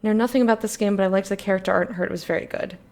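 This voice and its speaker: A woman's voice: mid-range voice, fairly even intonation, rapid-fire, a little mellow. A woman chatting casually while streaming a game, sleepy and rambling, apologizing and swearing lightly. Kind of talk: casual let's-play chat.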